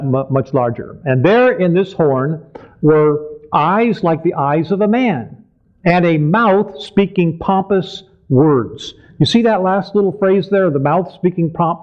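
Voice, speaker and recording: A man giving an earnest, deliberate Bible prophecy lecture, slowing down to read scripture aloud. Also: on the high side. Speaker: Bible teacher. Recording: dull lo-fi recording.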